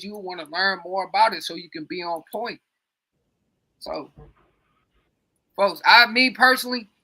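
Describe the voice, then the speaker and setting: Profane, rambling man with a bright voice. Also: sits high. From coastal United States. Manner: rambling, profane, emphatic street talk. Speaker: podcast co-host. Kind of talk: casual chat.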